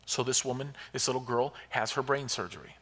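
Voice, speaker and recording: A man preaching a sermon as a pastor, telling a story and building to loud, emphatic peaks. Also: medium pitch, steady tone, a little fast, breathy edge. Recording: long hall reverb.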